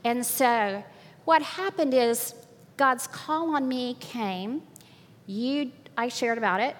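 An older woman giving a personal faith testimony at church, animated and often laughing, acting out what others said. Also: on the high side, slow pace, long reverb tail. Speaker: church speaker.

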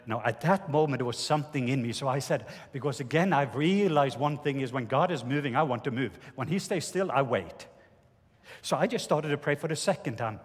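A man with a Norwegian accent preaching a sermon, telling a personal testimony in an earnest, halting way with many restarts. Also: mid-range voice. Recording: reverberant hall.

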